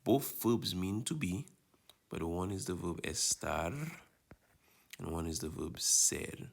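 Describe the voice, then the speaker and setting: Deep gravelly male Spanish teacher. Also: slow. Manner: explains patiently, checks in with "all right?". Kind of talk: recorded lesson walkthrough.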